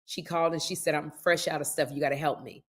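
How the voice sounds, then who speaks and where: A low-pitched woman hosts a podcast in relaxed, casual chat. She is middle-aged and an animated storyteller who acts out the people in her stories. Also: quick pace. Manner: animated storyteller, lively retellings with laughs. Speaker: podcast host.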